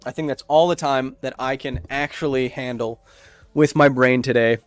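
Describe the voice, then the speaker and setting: A man in his thirties hosting a science livestream Q&A, chatting casually in an animated, joking, rambling way. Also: mid-range voice, moderate pace, no room sound, soft background music.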